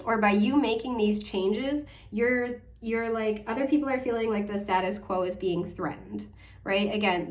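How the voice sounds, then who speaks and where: A woman giving a casual weekly tarot forecast to her viewers, rambling with lots of fillers, correcting herself and apologizing with a laugh. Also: medium pitch. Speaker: astrology and tarot reader. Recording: voice a bit distant from the mic.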